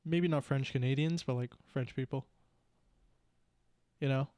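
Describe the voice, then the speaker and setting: A man's voice: medium pitch, steady tone, unhurried, a little mellow, dry recording. A young man co-hosting a podcast in casual chat, rambling with many "like"s and "you know"s. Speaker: podcast co-host.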